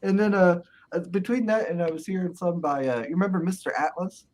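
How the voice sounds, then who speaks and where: A man's voice: sits high, brisk, a little mellow, slight background noise. A man hosting a casual podcast chat, telling rambling stories with frequent laughter and profanity. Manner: laughing storyteller, swearing, acting out quoted voices. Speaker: podcast host.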